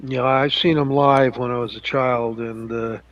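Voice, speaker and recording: A man explaining things in a measured, slightly hesitant way during a casual chat. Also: medium pitch, fairly even intonation. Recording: dry, dull lo-fi mic.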